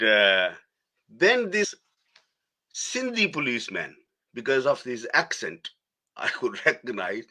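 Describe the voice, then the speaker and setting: Slow-talking man recounting a memory. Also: mid-range voice. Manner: halting, restarts phrases, soft laughs between words. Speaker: guest. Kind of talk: personal storytelling in an interview.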